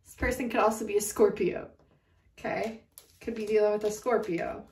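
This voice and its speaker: A woman with a mid-range, darkish voice speaks at normal speed while giving a casual tarot reading. She giggles often, laughs frequently, and swears freely, recorded far from the mic in an echoey room.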